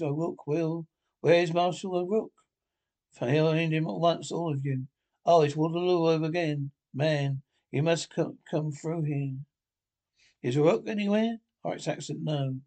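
Man, slightly high voice, crisp stage diction, theatrical, mocking, 1960s TV drama. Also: a little mellow. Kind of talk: TV drama dialogue audio.

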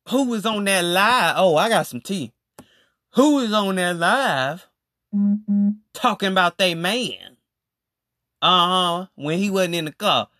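Slow, emphatic podcast ranter. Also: mid-range voice, no room sound, studio quality. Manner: emphatic, animated, slangy; repeats phrases for emphasis. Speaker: podcast host. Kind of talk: solo podcast rant.

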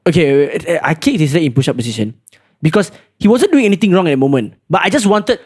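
A man's voice: on the high side, sing-song, quick pace, a little mellow, husky. A young man with a Singaporean English accent, co-hosting a casual podcast and telling a story in colloquial slang. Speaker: podcast co-host. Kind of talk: casual chat.

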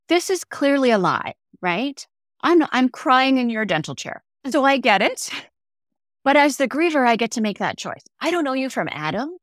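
Her voice is a little high and sing-song, a bit bright, at a moderate pace. This middle-aged woman is a podcast guest telling personal stories in a conversational interview, reflective in tone and performing the lines she quotes. The recording is dry and of studio quality.

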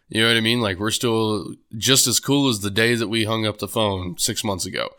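A man's voice: on the low side, steady tone, brisk, hardly any pauses, pushed and bright. A young man talking alone on his podcast, rambling casually with many fillers and restarts. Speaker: podcast host. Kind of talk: solo podcast monologue.

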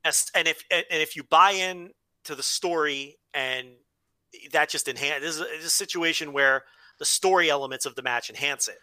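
A man co-hosting a podcast in rambling, animated casual chat, with frequent restarts and swearing. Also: on the high side, normal speed, no room sound. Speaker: podcast co-host.

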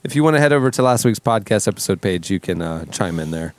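A man's voice: fairly low pitch, animated, fast. A man hosting a casual podcast, running segments and plugs in an easygoing way on a studio mic. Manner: easygoing, with plugs and audience call-outs. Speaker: podcast host.

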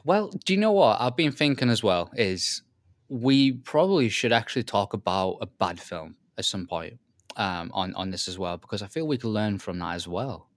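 A man co-hosting a casual faith-based podcast, speaking in a relaxed way that trails off with ums and repeated words. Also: on the low side, normal speed, no echo. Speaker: podcast co-host.

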